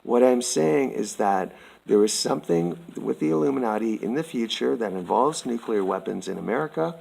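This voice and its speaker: A man from Canada reading a prepared statement aloud, slow, formal and earnest, addressing the listener as sir. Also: mid-range voice, lively intonation, gravelly, darkish tone, low-quality recording.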